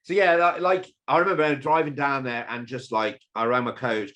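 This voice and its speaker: A man from England, a fitness event founder, chatting as a podcast guest, lively and blunt, with the odd swear word. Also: medium pitch, moderate pace. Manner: animated, swears, storytelling. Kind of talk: casual interview chat.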